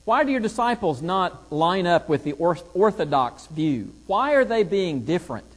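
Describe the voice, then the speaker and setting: A man's voice: high-pitched, very animated, normal speed, in a large hall. A man teaching a Bible lesson, reading scripture aloud and driving points home with rhetorical questions.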